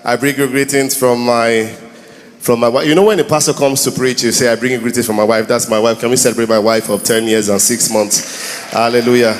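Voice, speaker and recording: A Nigerian man in his thirties telling comic stories live, urging the crowd to clap and shout. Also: medium pitch, steady tone, fairly quick. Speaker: comedian. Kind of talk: live stand-up storytelling. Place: church hall. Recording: reverberant hall with faint noise.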